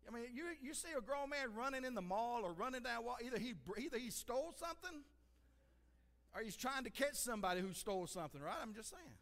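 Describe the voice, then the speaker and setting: High-voiced pastor preaching in a reverberant church. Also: male voice, expressive, quick pace, fairly bright tone. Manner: earnest, conversational, repeats "listen" for emphasis. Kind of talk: sermon. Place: church sanctuary. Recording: long hall reverb.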